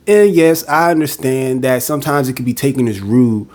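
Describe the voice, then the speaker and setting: The podcast host talks at a normal speed in a mid-range, slightly mellow voice. It's a casual monologue of blunt venting, with him imitating the people he quotes.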